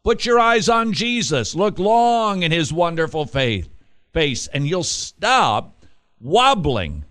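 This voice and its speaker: A man hosting a casual Christian radio talk show, chatting quickly and then driving his points home with emphatic, repeated exhortations. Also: a little high. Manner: lively, emphatic, rising to forceful exhortation; quick, chatty asides with restarts and laughs.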